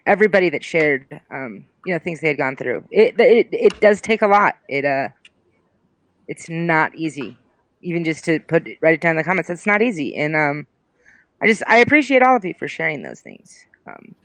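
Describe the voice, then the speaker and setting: An earnest co-host speaks haltingly on a live talk show, stopping and restarting to thank people who shared. The voice sits at a middle pitch and sounds dry and close to the mic. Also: big pitch swings, a bit bright, no room sound. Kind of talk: casual live-stream chat.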